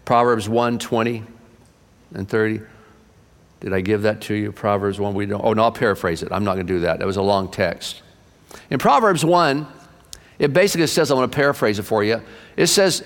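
A man in his sixties preaching a sermon to his church, impassioned, swinging from loud bursts to hushed low asides. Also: animated, fairly quick. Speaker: pastor. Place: church sanctuary. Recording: long reverb of a church hall.

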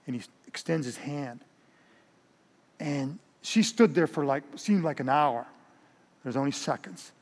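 Storytelling pastor in a reverberant hall. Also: male voice, on the high side, slow pace, pauses often. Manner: animated storytelling, repeats words. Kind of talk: sermon. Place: large church hall. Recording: long reverb of a large hall.

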